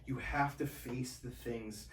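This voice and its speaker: A man as a podcast guest, telling his own story in a casual, animated way and acting out the voices of the people in it. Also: medium pitch, takes it slowly, roomy sound, recorded from a distance, slight background noise. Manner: animated, acts out quoted voices.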